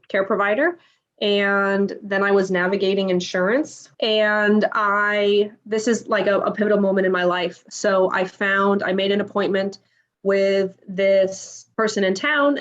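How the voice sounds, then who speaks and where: A woman in her thirties recounting a personal story in a casual interview, acting out the dialogue with animation. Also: mid-range voice. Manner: animated retelling, acts out quoted dialogue. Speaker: podcast guest. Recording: dull lo-fi audio.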